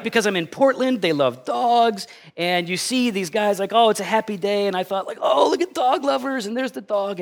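A middle-aged male pastor giving a conversational sermon, telling stories in an animated, self-deprecating way. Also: fairly high pitch.

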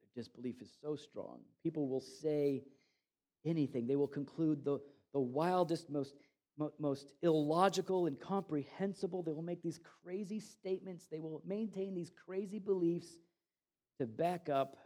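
High-voiced male preacher, lively and conversational, acts out scripture readings. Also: moderate pace. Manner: animated, conversational preaching with dramatic Bible readings. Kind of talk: sermon.

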